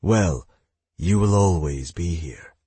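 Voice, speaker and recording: A formal, slightly awkward deity pleads his case in measured words, as a man voices him in an audiobook. The voice is low and husky. It is recorded dry and close. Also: dark tone, no room sound, heavily acted. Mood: earnest.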